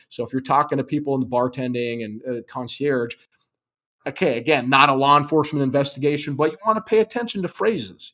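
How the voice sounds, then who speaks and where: A man's voice: a little high, a bit bright. A man hosting a live show, teaching in an emphatic, conversational way, often checking in with "okay?". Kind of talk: live-stream teaching talk.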